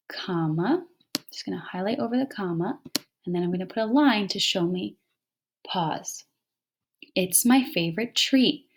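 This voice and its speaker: Woman teacher reading a poem out loud to kids, patient and clear, online class on a computer mic. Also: medium pitch. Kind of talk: fluency lesson read-aloud.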